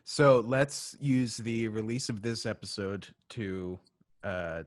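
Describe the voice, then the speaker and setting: A man's voice: lowish voice, slow pace, dry recording. Teasing male podcast co-host, dry sound. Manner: teasing, laughs easily. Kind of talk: casual podcast chat.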